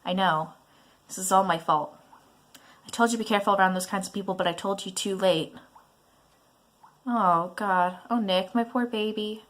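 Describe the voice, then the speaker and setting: A woman's voice: medium pitch, moderate pace, pauses often, fairly bright tone, close to an everyday voice. Casting: woman doing a nosy, nagging mom from a small game, guilt-trippy, plain mid-range voice. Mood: reproachful. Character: controlling, prying middle-aged mother.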